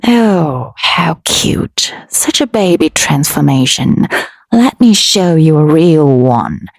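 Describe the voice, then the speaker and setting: A woman voicing a furious male devil lord who taunts slowly and threateningly in a storybook reading. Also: fairly low pitch, a little mellow, no echo. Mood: menacing, sneering. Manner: slow, sneering and threatening.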